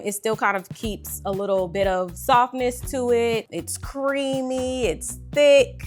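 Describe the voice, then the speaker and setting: A woman hosting a casual cooking vlog, talking animatedly to her viewers as she cooks and tastes. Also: mid-range voice. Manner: animated, talks to viewers as y'all. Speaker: cooking vlogger host.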